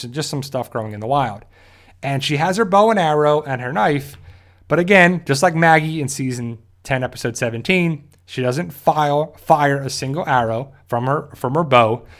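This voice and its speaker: A man hosts a casual recap of a TV episode. He rambles through the plot, keeps circling back, and fills gaps with "uh" and "you know". His voice sits at an ordinary middle pitch. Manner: rambling with frequent fillers and restarts. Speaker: show host.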